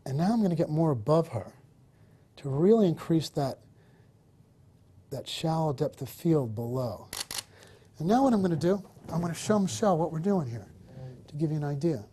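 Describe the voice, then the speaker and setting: Walking through a hotel, a man teaching wedding photography directs his subject and explains things to viewers, switching between the two. His fairly high voice is sing-song, dark in tone and breathy at the edges, at a moderate pace with frequent pauses. His manner is coaching and encouraging.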